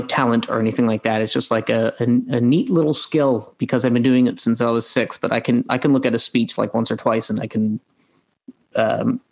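A man, an actor, answering interview questions casually, halting with many fillers and restarts. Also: medium pitch, gravelly, poor audio.

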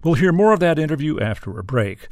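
Measured male radio host. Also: on the high side, big pitch swings, dry recording, clean studio sound. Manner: measured, clear, scripted intros. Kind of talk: broadcast interview and narration.

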